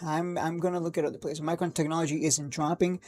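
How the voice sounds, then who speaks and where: A man's voice: a little high, quick pace. Rambling man doing live market commentary. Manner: rambling, excitable, profane, laughs at his own jokes. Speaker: stock trading livestream host.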